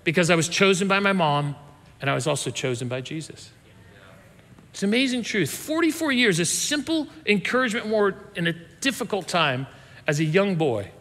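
High, bright-voiced man telling a story. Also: animated, moderate pace, long reverb tail. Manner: conversational, self-interrupting with restarts. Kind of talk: sermon storytelling.

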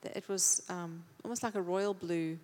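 A woman's voice: fairly low pitch, steady tone, moderate pace, darkish tone, in a large hall. A woman from the congregation tells of a vision in an earnest, plain way. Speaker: congregation member sharing a vision. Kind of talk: testimony. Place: church.

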